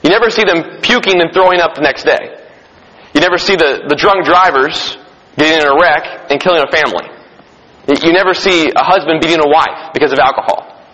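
Pastor, male, relaxed sermon full of restarts and audience questions; dull lo-fi capture. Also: a little high, breathy edge. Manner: conversational, frequent restarts, questions the congregation. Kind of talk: informal sermon. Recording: long hall reverb, dull lo-fi sound.

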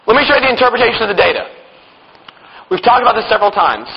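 High-voiced joking man teaching in church. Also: expressive, racing. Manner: joking, with sarcastic asides and chuckles. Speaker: speaker teaching at a church conference. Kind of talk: humorous Bible teaching talk. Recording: dull, lo-fi hall recording with long reverb.

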